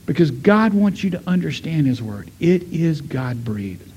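A middle-aged man preaching a sermon, telling a story and voicing the people in it, swinging from loud to hushed. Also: fairly high pitch, very animated, measured pace, breathy edge, dull audio. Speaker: pastor.

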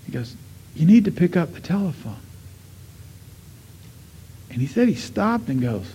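A middle-aged man preaching a sermon, telling a story and voicing the people in it, swinging from loud to hushed. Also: a little high, big pitch swings, measured pace, pauses often, breathy edge, dull audio. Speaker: pastor.

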